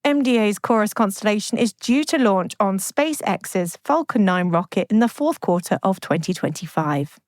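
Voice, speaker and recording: A woman co-hosting a space news podcast, reading scripted news in a steady, even delivery. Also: mid-range voice, normal speed, hardly any pauses, no echo. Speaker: podcast co-host.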